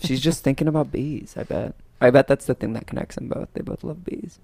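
A man's voice: medium pitch, fairly quick, gravelly, mellow, slightly rough, no room sound. Male co-host with a dry, close sound, sarcastic and casual in a movie-riff chat. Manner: joking, sarcastic, jumps into voices. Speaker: podcast co-host.

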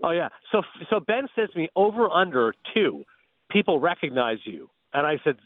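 A man telling lively anecdotes as a guest analyst, laughing as he talks, calling in on a phone hotline. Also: fairly high pitch, moderate pace, no echo. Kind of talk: animated anecdote storytelling. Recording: tinny phone line.

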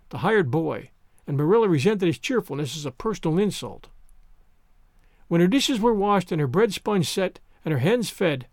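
A man reads a classic story aloud with expressive, theatrical narration. His voice sits high and swoops widely through each sentence, recorded dry and close with no room sound. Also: gravelly, no room sound. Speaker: audiobook narrator.

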